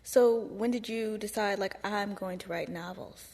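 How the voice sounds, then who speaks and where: A woman host asks her questions with hesitant restarts. Her voice is husky and sits at a middle pitch. It echoes with the long reverb of an auditorium. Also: normal speed, darkish tone. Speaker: host and interviewer. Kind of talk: onstage interview. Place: high school auditorium stage.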